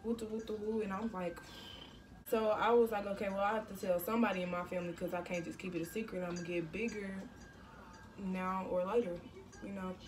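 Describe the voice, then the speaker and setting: Teen girl vlogger, casual storytime, slangy and animated, mid-pitched, a bit off-mic. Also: a little fast, far from the mic, a little hiss or hum.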